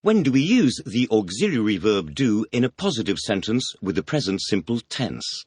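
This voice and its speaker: A man reading the teacher's questions in a scripted audio language lesson, announcing words and asking quick questions. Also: lowish voice, very animated, darkish tone, slightly rough, dry recording. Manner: announces words, then fires quick questions with a clipped "please".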